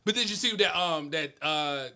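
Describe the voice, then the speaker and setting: A young man co-hosting a casual podcast chat, animated and slangy, rambling with lots of fillers. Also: fairly high pitch, normal speed. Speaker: podcast co-host.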